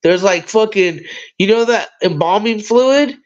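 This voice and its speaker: A man's voice: high-pitched, measured pace. A man hosting a casual livestream chat, rambling and swearing as he talks. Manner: rambling, profane, animated. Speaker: livestream host. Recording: dull lo-fi sound.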